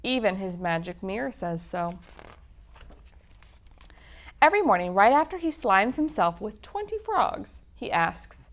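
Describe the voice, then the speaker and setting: A woman reading a children's picture book aloud at a library storytime, in an expressive storytelling manner. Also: fairly high pitch, unhurried.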